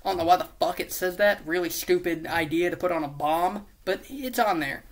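A man's voice: high-pitched, brisk. A man talks his way through a long idea off the cuff. He swears constantly, loses his train of thought, and laughs at himself. The delivery is loose and unpolished, like a solo video chat. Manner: profane, rambling, self-mocking, with silly put-on voices. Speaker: YouTuber pitching a movie idea. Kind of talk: rambling casual monologue.

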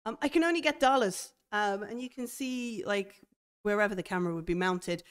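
A woman game master describing a horror scene in a tabletop game, halting as she goes. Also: mid-range voice, smooth. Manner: halting, full of fillers and restarts.

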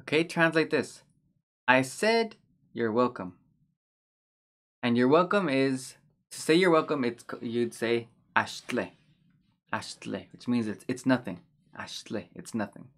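A male teacher walks through new words in a steady, middle-pitched voice. He says each term slowly and patiently more than once. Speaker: language teacher. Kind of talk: explaining vocabulary over slides.

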